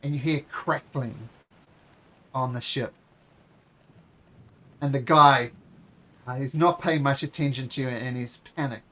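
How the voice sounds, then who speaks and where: A man's voice: medium pitch, steady tone, a bit bright. A man running a tabletop game as game master, narrating scenes with frequent fillers and restarts. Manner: descriptive, halting with fillers and restarts.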